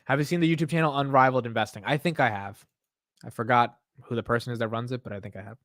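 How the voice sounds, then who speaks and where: A man's voice: medium pitch, fairly even intonation, fast, fairly bright tone, no echo, studio quality. A young man hosting a late-night livestream, rambling loosely and reading viewer comments aloud, with "yo" and "bro" thrown in often. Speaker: livestream host.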